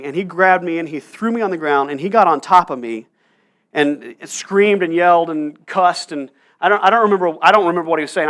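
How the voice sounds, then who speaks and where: A pastor about forty years old preaches in church, storytelling and frequently checking in with the congregation through "right?" asides. He has a fairly bright tone and a voice on the high side.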